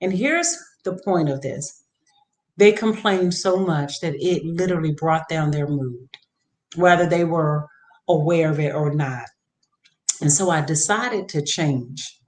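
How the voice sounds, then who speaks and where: Woman host, lowish voice, animated personal storytelling, acts out other voices, echoey room. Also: measured pace. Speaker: podcast host.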